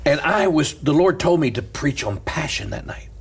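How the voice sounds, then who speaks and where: A man's voice: on the high side, normal speed, breathy edge. A middle-aged man, a preacher, telling a story in casual chat and quoting the people in it. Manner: animated storyteller, quotes others, laughs often. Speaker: preacher and talk show guest.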